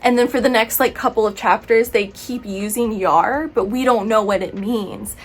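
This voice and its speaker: A woman's voice: on the high side, moderate pace. Chatty, exasperated woman reviewing books. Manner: exasperated, chatty, heavy use of "like". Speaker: book reviewer. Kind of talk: casual book review vlog.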